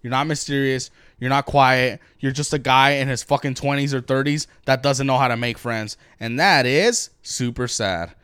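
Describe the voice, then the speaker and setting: A man's voice: medium pitch, steady tone, moderate pace, hardly any pauses, fairly bright tone, clean tone, dry recording, clean studio sound. A young man co-hosting a podcast, ranting bluntly and profanely in casual chat. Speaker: podcast co-host.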